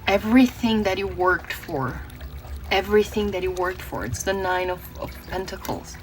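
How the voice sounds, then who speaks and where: A woman's voice: medium pitch, moderate pace, a little hiss or hum, rough recording. A woman from Brazil giving a tarot reading, earnest and emotional, often restarting her words. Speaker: tarot reader.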